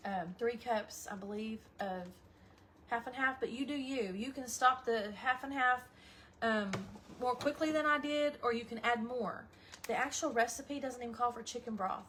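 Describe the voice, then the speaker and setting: A woman's voice: on the high side, fairly bright tone. Chatty woman cooking at home. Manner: chatty, folksy, addresses viewers as y'all. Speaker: cooking vlogger. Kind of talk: casual cooking livestream chat. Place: home kitchen. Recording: audible background noise.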